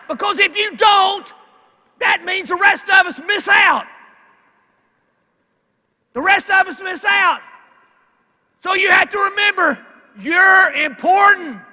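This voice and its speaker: An older man with an Arkansas Southern accent delivers a motivational banquet speech in a folksy, emphatic way, hammering his points home. His voice sits very high and sounds sharp and forceful. He speaks into a PA microphone, and his voice rings through a large banquet hall with a long reverb tail. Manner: emphatic, calling out lines loudly, folksy. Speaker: keynote speaker.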